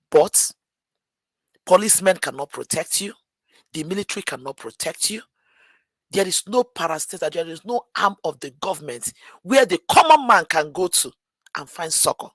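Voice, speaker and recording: A woman's voice: sits low, breathy edge, dry recording. Impassioned woman, dry sound. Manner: emotional, repetitive, rising and falling intensity. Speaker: caller. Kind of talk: impassioned call-in speech.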